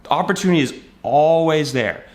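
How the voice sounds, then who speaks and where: A man's voice: a little high, lively intonation, fairly quick. A man giving a casual motivational talk to camera, telling a story and acting out bits of dialogue in a conversational way. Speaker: self-help video creator.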